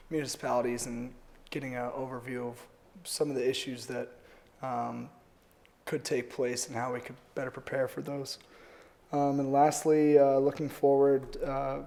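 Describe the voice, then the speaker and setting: A man's voice: medium pitch, creaky, a little mellow, slight background noise. Man with a cold giving an update. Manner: polite, filler-heavy update. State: has a cold. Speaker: county planning liaison. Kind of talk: meeting update. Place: meeting room.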